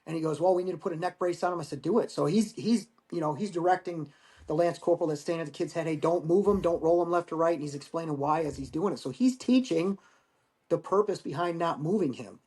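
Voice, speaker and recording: Profane, animated male veteran storyteller. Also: fairly high pitch, fast. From United States. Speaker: guest, Marine veteran. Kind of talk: casual storytelling interview.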